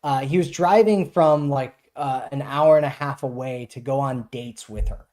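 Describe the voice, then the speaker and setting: A man's voice: mid-range voice, normal speed, darkish tone. A man hosting a casual live stream as a dating coach, answering chat questions in a loose, filler-heavy way and often tagging on "right?".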